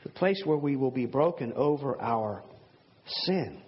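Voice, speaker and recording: A man's voice: mid-range voice, expressive, measured pace, husky, muffled recording. A man preaching a sermon in an earnest, conversational way with rhetorical asides. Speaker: pastor.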